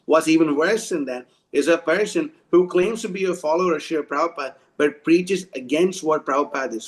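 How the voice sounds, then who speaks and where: A man's voice: on the high side, poor audio. A man giving an informal devotional talk, blunt and scolding, often restarting his sentences. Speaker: devotional preacher.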